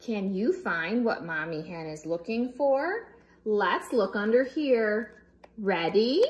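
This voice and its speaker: A woman's voice: mid-range voice, animated, takes it slowly. A woman reading a picture book aloud for young children in a playful way, making animal sounds as she goes. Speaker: storybook reader.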